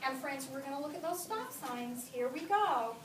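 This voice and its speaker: A woman teaching a class of young children, reading aloud slowly and leading the lesson in an animated, sing-song way, recorded in a classroom. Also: sits high, background noise. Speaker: kindergarten teacher. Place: classroom, indoors. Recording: roomy classroom from a distant camera.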